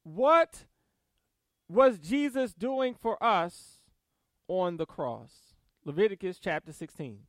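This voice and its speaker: A man preaching a sermon, emphatic and animated, reading verses and adding quick asides with soft laughs. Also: sits high, no echo. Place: church service.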